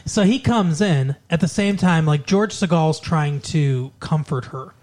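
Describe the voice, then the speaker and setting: A man's voice: a little high, unhurried, darkish tone. A man co-hosting a casual chat, rambling through a movie plot and loosely acting out the characters' lines. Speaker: podcast co-host.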